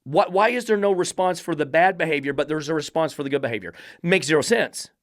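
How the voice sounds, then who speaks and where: On his dog-training podcast, a fast-talking man delivers blunt, combative, profane commentary, sometimes mocking with falsetto baby talk. The sound is studio quality and dry, with no room sound.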